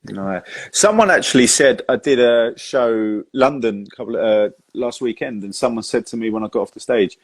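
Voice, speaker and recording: A man's voice: medium pitch, normal speed. A man hosting a live casual chat, telling jokes and stories, laughing often and swearing now and then. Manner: chatty, laughs a lot, swears in anecdotes. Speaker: host, magician.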